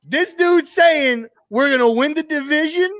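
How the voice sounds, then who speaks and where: A man's voice: extremely high pitch, unhurried, a bit bright. A man co-hosting a sports talk show, teasing his partner and interrupting to push back on his claims. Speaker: sports podcast co-host. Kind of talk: casual sports debate.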